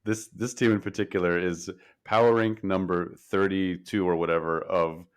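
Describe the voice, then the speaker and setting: A man's voice: sits low, fairly even intonation, moderate pace, smooth. A man co-hosting a sports podcast, talking casually in a blunt, dismissive way. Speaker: podcast co-host.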